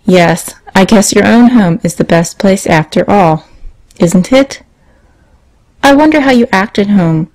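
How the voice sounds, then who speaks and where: A woman reads a children's story aloud in a gentle, storybook manner. Her voice sits at an ordinary middle pitch, and she turns to the young listeners with simple questions and lessons. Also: measured pace, poor audio. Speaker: narrator.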